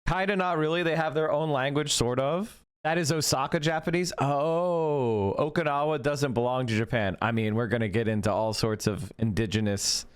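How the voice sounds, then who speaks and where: A man's voice: mid-range voice, normal speed, hardly any pauses, clean tone. A man streaming live, reacting to clips with blunt, profane, heated commentary.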